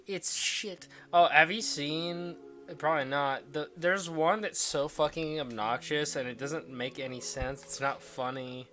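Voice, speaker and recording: A man's voice: fairly high pitch, a little slow, bright, forceful tone. A man streaming a game, chatting casually with friends and making dry, sarcastic remarks. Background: game music.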